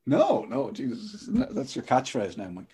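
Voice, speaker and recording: A man's voice: medium pitch, huge pitch swings, a little slow, mellow, breathy edge. A man co-hosting a podcast over a video call, chatting and joking with a friend. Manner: joking, chatty, laughs often. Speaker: podcast co-host. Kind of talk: casual chat.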